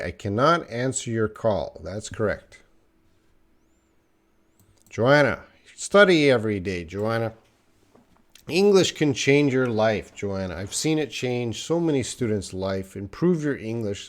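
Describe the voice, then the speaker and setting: A man hosts a live English lesson, reading out viewers' questions and answering them one by one. His voice sits a little low, and he talks in a chatty, teasing way. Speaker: English teacher.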